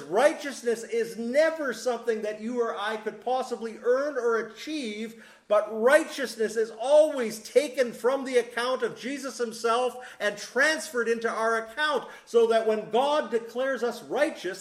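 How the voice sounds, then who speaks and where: A man preaching a sermon, emphatic and deliberate, with sudden drops to a soft voice. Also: extremely high pitch. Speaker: pastor. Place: church sanctuary. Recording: echoey room.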